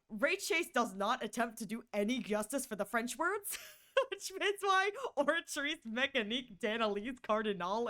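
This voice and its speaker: Bubbly woman streamer, Northern US accent, high and smooth, casual live-stream chat. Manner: bubbly and excitable, laughs often.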